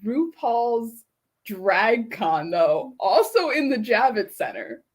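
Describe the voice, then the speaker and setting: A woman's voice: a little high, big pitch swings, slow. A woman co-hosting a show in casual chat, teasing her partner and often giggling. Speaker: co-host.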